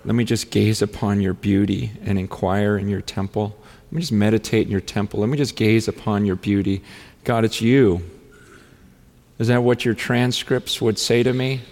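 A man preaching a sermon in an earnest, halting way, with many restarts, often rising into fervent, pleading prayer. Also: fairly low pitch, fairly even intonation, darkish tone. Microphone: handheld or stand mic on stage. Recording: long hall reverb.

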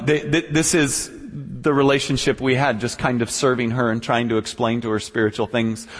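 A male preacher tells his story in an animated way, dropping low and quiet, then rising to loud, high outbursts, with stammered restarts. His voice is somewhat husky, and it rings with the long reverb of a large hall. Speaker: pastor. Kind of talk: sermon storytelling.

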